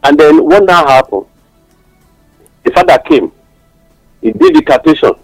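A man's voice: on the high side, huge pitch swings, moderate pace, vocal fry, no echo, faint music behind, poor audio. A man with a Nigerian accent giving passionate radio talk-show commentary, mixing English with Pidgin and telling stories. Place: radio studio.

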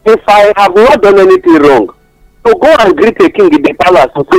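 A Nigerian-accented man talks passionately on a radio show, moving between English and Pidgin as he tells stories. His voice sits high and swings widely in pitch. It has a gravelly texture and a dry studio sound, with faint music underneath. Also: wildly swooping pitch, fairly quick, no room sound, low-quality recording. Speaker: radio commentator. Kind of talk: animated radio talk-show commentary.

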